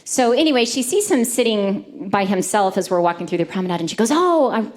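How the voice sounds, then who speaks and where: A woman preaching at a church service, telling personal stories in a lively, conversational way. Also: medium pitch, fast. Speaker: church speaker. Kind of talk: sermon with personal storytelling.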